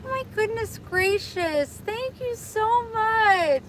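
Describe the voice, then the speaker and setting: A woman's voice: very high voice, animated, takes it slowly, fairly bright tone, soft background music. A woman vlogger live-streaming casually from her car, chatty and thankful to viewers.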